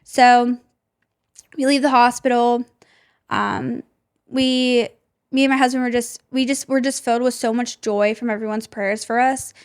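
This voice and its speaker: A young woman, a podcast host, telling a personal story with emotion and many "like" fillers. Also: a little high. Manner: emotional, heavy use of "like" fillers.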